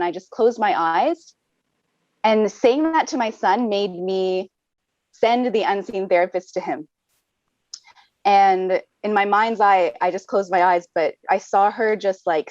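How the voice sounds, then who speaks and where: A woman's voice: medium pitch, no room sound, dull audio. A woman, a mother of three, telling a personal story on a webinar, earnest and often saying "like.". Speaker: webinar guest. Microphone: video call.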